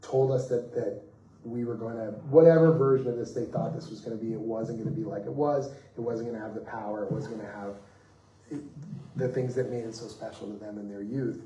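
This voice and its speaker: A man, a comics writer on a festival panel, telling anecdotes in a lively way, acting out the people he quotes and laughing as he goes. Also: fairly low pitch, fairly quick, distant mic. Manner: animated, acts out quoted voices, laughs mid-story. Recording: roomy echo, voice off-mic.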